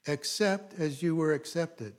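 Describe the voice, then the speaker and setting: A man's voice: fairly high pitch, unhurried. A middle-aged male pastor preaching a sermon in a conversational way, with asides and frequent check-ins with the congregation.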